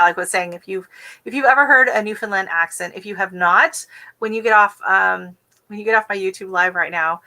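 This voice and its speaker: A woman from the American West Coast hosts a relaxed live stream from home. She talks fast and chattily, giggling as she goes. Her tone is bright and clear, and her pitch sits in a middling range. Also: low-quality recording. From West Coast of the United States. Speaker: gardening channel host. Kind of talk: casual livestream chat.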